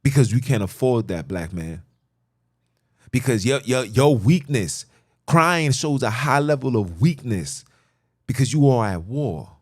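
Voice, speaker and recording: A man's voice: medium pitch, animated, a little slow, a little mellow, breathy edge. A middle-aged man hosting a podcast, delivering an emphatic, repetitive, lecturing monologue. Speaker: podcast host. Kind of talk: preachy monologue.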